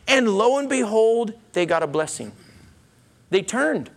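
A man preaching a sermon, telling a story with animated acted-out quotes and frequent chuckles, then easing into a soft, intimate blessing. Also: extremely high pitch, a little slow, vocal fry.

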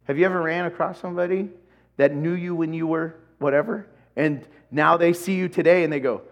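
A man's voice: on the high side, fairly quick, dull audio. A man preaching a sermon as pastor, telling a personal story with animation and acting out bits of dialogue.

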